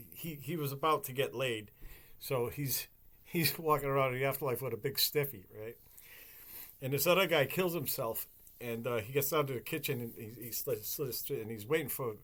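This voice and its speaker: Male podcast host, casual, profane, animated storyteller, ordinary pitch. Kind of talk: casual chat.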